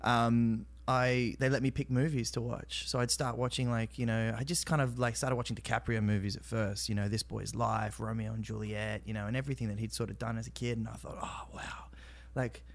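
A man's voice: medium pitch, level tone, a little fast, gravelly, hardly any pauses. An Australian man telling stories in a casual interview, rambling with many fillers. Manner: rambling, many fillers, acts out quoted voices. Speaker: actor guest.

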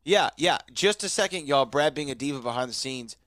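A man's voice: mid-range voice, lively intonation, fairly quick, a bit bright, no echo. A man hosting a podcast in casual chat, sounding nasal from allergies and playfully teasing his co-host. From Houston, Texas. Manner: playful, teasing, trails off into mumbles.

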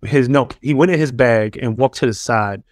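A former pro basketball player from New York, appearing as a guest, tells stories in a loose, casual interview style packed with fillers and restarts. His voice sits in the mid-range, his pace is moderate, and there's no room sound.

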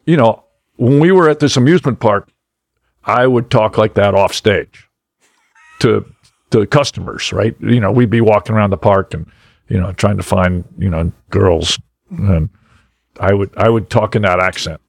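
A man's voice: lowish voice, normal speed, vocal fry, no echo, clean studio sound. A man who is a magician guest, chatting casually in a rambling, self-deprecating way and laughing often. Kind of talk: casual podcast chat.

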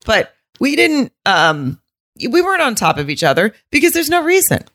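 A Southern American woman co-hosts a podcast, blunt and rambling in casual chat and swearing freely. Her voice is high-pitched and fairly bright with huge pitch swings at a moderate pace, captured in a dry, clean studio recording.

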